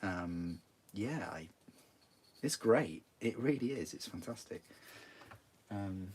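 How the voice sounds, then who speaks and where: Chatty northern English man, low husky voice. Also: animated, slow, a little mellow. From northern England. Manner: rambling, chatty, many restarts. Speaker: hobby streamer. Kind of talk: casual chat while building models.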